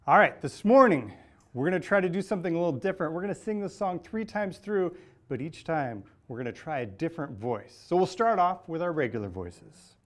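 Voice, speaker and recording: A man's voice: on the high side, lively intonation, fairly quick. A man leading a kids' sing-along as worship song leader, talking in a playful, upbeat way. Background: loud guitar music.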